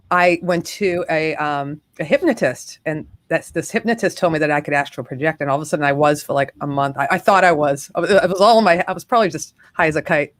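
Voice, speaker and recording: Chatty woman hosting a live stream. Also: lowish voice. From Massachusetts. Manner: chatty, self-deprecating, restarts often. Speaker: show host. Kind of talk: casual live-stream chat.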